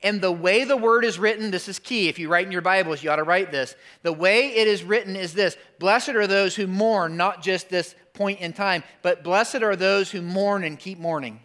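A man's voice: sits high, moderate pace, few pauses, fairly bright tone. A man preaching a sermon to his congregation in a conversational style, asking rhetorical questions. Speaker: pastor.

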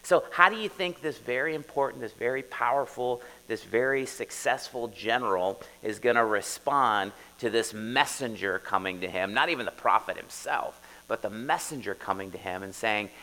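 A man's voice: lowish voice, moderate pace, pushed and bright, long reverb tail, poor audio. A man preaching as a pastor, talking to the congregation in a conversational way, asking them questions and often adding "right?" as he goes through a Bible story. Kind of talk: sermon.

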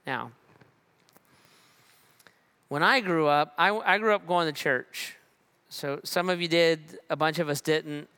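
A man preaching a sermon as pastor in a church, talking in a relaxed, conversational way with repeated phrases and slow, emphatic pauses. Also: fairly high pitch, clean tone.

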